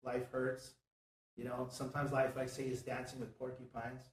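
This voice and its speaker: Speaking at normal speed in a monotone, medium-pitched voice, a man runs a casual motivational chat from a studio. The host and business owner comes across as earnest and preachy and leans heavily on "you know." Audio is roomy, picked up from a distance.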